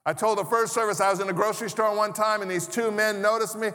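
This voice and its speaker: A man with a notably high voice preaches a sermon from the pulpit. He keeps it conversational, tossing in humorous asides and rhetorical questions. The sound carries the long reverb of a large church hall. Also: steady tone, fast, pushed and bright. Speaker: pastor. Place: church sanctuary.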